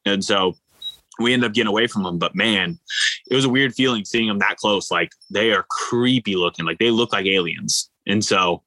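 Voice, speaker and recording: Casual, bright-voiced male athlete storyteller. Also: lowish voice, moderate pace, no echo, rough recording. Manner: animated, rambling, filler-heavy storytelling. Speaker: ultra-endurance athlete guest.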